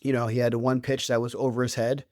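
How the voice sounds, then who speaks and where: A man's voice: medium pitch, flat delivery, fast talker, darkish tone, no echo, studio quality. A man in his thirties, a guest on an interview show, telling stories in a casual, conversational way with many restarts and fillers. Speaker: guest, author and youth coach.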